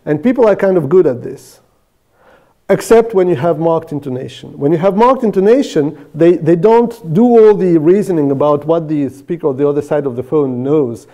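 Brief: male researcher in a seminar Q&A, slightly high voice, mellow tone, stumbles and restarts. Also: normal speed, muffled recording. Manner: explaining, many restarts and repeated words. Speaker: speaker answering questions. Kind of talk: academic Q&A discussion.

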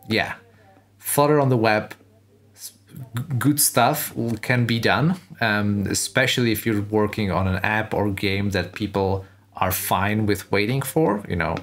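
A man with a fairly low voice talks through a tech presentation in casual, off-the-cuff commentary. He thinks aloud and sounds enthusiastic about what he hears. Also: fairly bright tone. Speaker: host reacting to a tech keynote. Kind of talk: casual commentary over video.

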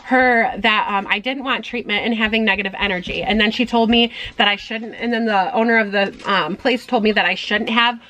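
A woman's voice: a little high, steady tone, brisk, hardly any pauses, bright, forceful tone, poor audio. A young woman telling a personal story in a casual vlog, chatty, with many ums and restarts. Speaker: vlogger mom.

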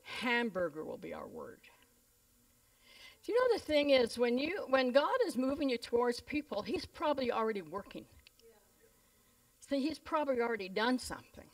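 A high-pitched, slightly fast-talking woman pastor from Canada delivers a sermon built on stories, animatedly performing the voices of the people she describes. The mic picks her up from a little distance.

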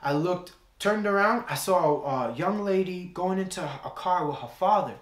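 A young man delivers a sermon, weaving a personal story into the message and repeating phrases for emphasis. His voice is a little high for a man, animated and at a moderate pace, with the echo of a church hall around it.

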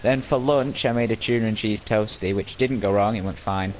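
A man's voice: on the low side, fairly quick, background noise. A young British man in casual voice chat while gaming, telling a rambling story. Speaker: gamer.

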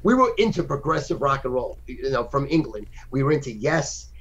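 A man in his sixties talking as a guest over a phone call, boisterous and profane, with sudden loud outbursts. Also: medium pitch, big pitch swings, brisk, breathy edge. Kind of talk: casual podcast chat.

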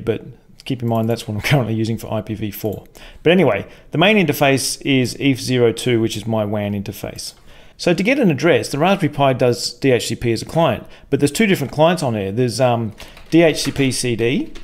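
A man hosting a casual tech video, talking through a screen share in a relaxed, rambling way with plenty of fillers and the odd swear. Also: mid-range voice. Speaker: tech channel host. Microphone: desk microphone for the screen segment.

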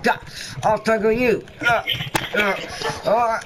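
A man's voice: high-pitched, fairly even intonation, slow, very noisy. A man voicing a grumpy, irritable male time-traveling doctor in an online game roleplay, talking in a curt, impatient way.

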